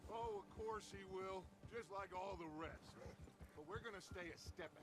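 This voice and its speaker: An actor playing a smooth-talking middle-aged outlaw gang leader in a video game cutscene, rousing and grandiose. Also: male voice, sits high, normal speed. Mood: determined.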